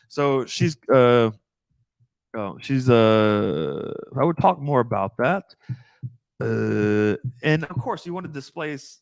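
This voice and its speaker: Male podcast host and dating coach, lively intonation, blunt and profane. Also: mid-range voice, vocal fry, no room sound. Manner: profane, animated, frequent fillers. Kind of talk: casual podcast chat.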